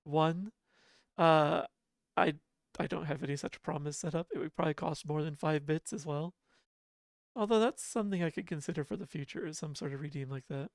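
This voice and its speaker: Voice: medium pitch, brisk, dry recording, studio quality. A livestreamer chatting casually with viewers from home, laughing often and poking fun at themselves. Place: home apartment.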